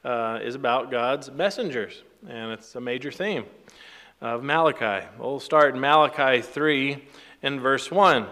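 A man's voice: medium pitch, measured pace, bright, forceful tone, long reverb tail. A man teaching a sermon from the Bible, reading scripture aloud with rising emphasis and then explaining it plainly. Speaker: preacher.

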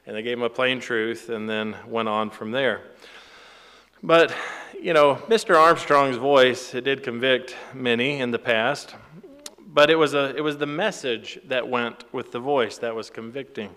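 A man preaching in an easy, conversational manner, often pausing on fillers and chuckling between points. His voice is smooth and resonant at a middle pitch. It rings out with a long reverb, as in a large hall. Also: sharp tone. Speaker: pastor. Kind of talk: sermon.

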